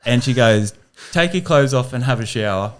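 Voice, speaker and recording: A man's voice: medium pitch, animated, normal speed. Laughing man telling a story. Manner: self-deprecating, laughs through his story. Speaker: podcast guest. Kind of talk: casual storytelling.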